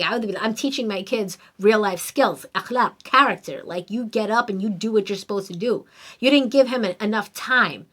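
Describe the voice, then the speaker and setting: A middle-aged woman hosting a podcast, telling a story in an animated, emphatic, conversational way. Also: medium pitch, normal speed. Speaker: podcast host. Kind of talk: casual storytelling monologue.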